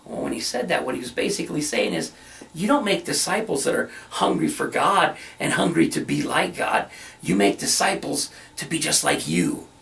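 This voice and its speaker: A middle-aged minister, a man, preaching in a relaxed, conversational way while telling his own story. His voice has a gravelly, creaky grain. He sits some distance back from the mic. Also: a little high, moderate pace. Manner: earnest storytelling, emphatic and conversational. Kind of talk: sermon-style personal reflection.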